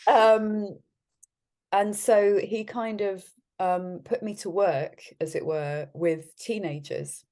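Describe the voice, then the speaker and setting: A woman's voice: mid-range voice, steady tone, takes it slowly, mellow. A woman guest in an interview, speaking in a friendly way with frequent laughs and many restarts. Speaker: guest, art curator.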